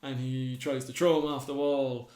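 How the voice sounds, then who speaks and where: A man's voice: medium pitch, little pitch movement, moderate pace, darkish tone. A man, co-hosting a podcast, casually retelling myths and acting out the characters' lines. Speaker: podcast co-host. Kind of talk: casual storytelling chat. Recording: roomy echo.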